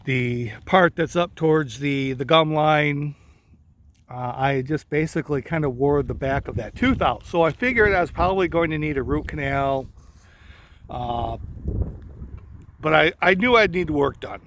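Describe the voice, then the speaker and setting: Man vlogger, slight lisp, slow rambling talk, somewhat high voice. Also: lively intonation, a bit bright, slight background noise. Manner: slow, rambling, many uh fillers. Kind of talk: casual vlog talk.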